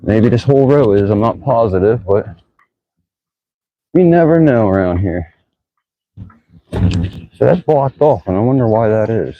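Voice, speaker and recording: In a dry, lo-fi recording, a man with a lowish voice and lively intonation talks at normal speed, leaving long pauses. He vlogs outdoors while biking through town, chatting easily and musing aloud to a bike-mounted camera.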